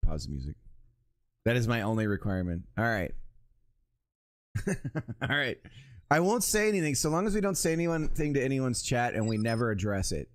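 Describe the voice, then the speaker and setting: A man's voice: mid-range voice, big pitch swings, normal speed, pauses often. A man streaming live, chatting casually and joking with his viewers. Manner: playful, calls out to a pet in a sing-song voice.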